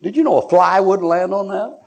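A man's voice: sits high, moderate pace, gravelly. An older man, preaching in church in a folksy, joking way, acting out little scenes. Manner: joking, acts out voices, laughs often. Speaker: pastor. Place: church sanctuary.

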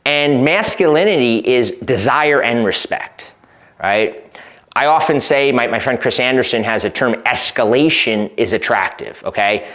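A man's voice: medium pitch, expressive, unhurried, fairly bright tone. A man coaching on dating, speaking conversationally and often checking in with "right?" while he acts out short exchanges. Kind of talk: advice talk to camera.

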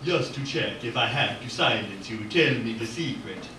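A man's voice: mid-range voice, lively intonation, bright, forceful tone, slight background noise. A man putting on a chilling Swedish-accented villain. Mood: cold. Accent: put-on Swedish. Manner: slow, chilling and mournful. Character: tall pale cold Swedish-accented man in a robe. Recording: echoey gallery from far off.

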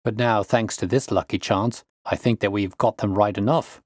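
A man's voice: fairly low pitch, steady tone, moderate pace, no room sound, clean studio sound, close to an everyday voice. A man doing a bluff, hearty police inspector.

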